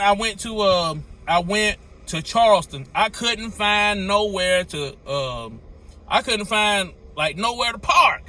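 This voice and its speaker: A man, a truck driver telling a story in a lively, repetitive way with folksy slang. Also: high voice. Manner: animated, repeats phrases, folksy slang. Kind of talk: storytelling to camera.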